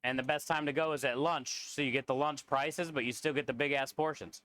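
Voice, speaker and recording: A man's voice: mid-range voice, fairly even intonation, fairly quick, sharp tone, clear, resonant tone. A man, a food truck cook, chatting casually with viewers on a live stream and joking around.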